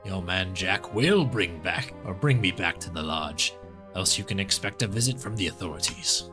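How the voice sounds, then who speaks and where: A man's voice: low-pitched, animated, moderate pace, over music. A man voicing game characters in a put-on southern drawl, drawling and mock-formal. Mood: scheming.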